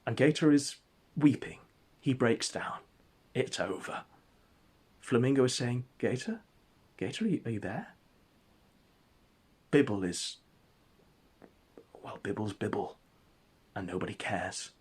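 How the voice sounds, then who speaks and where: A man spins an absurd tale in a mock-epic, deadpan storytelling voice. His voice is husky and breathy, sitting at an ordinary middle pitch. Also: a little slow, pauses often. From England. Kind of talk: comic storytelling narration.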